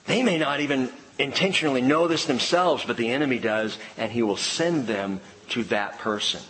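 A middle-aged man preaching a sermon as a pastor, animated, with playful asides and stories. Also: mid-range voice, moderate pace, long reverb tail, slight background noise, low-quality recording.

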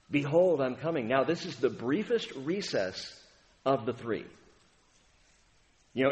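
Dramatic preacher, man, higher voice, reverberant hall. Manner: dramatic, swings from booming to hushed. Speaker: pastor. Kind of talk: sermon.

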